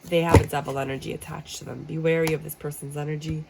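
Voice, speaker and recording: A woman doing a casual tarot reading, blunt and joking, acting out how people react in a lively way. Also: deep voice, quick pace, gravelly, very noisy. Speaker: tarot reader. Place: room with a squeaky chair.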